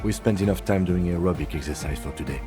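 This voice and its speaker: A calm, practical detective partner from a video game, played by a man. He speaks low and matter-of-fact. Game music plays behind him. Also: quick pace, close to an everyday voice. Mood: dry.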